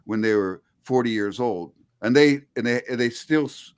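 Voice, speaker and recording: A middle-aged linguistics professor is interviewed over a video call, explaining things animatedly with frequent restarts. His mid-range voice has a clean tone, and he speaks at normal speed in this conversational interview.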